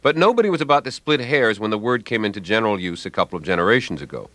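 A man delivering a scripted radio commentary on language in a dry, wry and ironic manner, recorded in a quiet studio. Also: fairly low pitch, animated, rapid-fire, dry recording.

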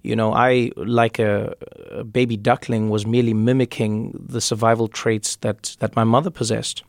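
A man's voice: lowish voice, little pitch movement, normal speed, creaky, dry recording, clean studio sound. A man from Africa, speaking thoughtfully as an interview guest and repeating words as he builds a point. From South Africa. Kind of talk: conversational interview.

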